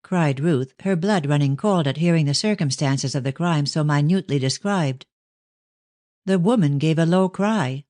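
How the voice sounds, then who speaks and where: A woman narrating a novel in a measured, even reading on a close mic. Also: low-pitched, no echo. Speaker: audiobook narrator. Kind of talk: scripted narration of a mystery novel.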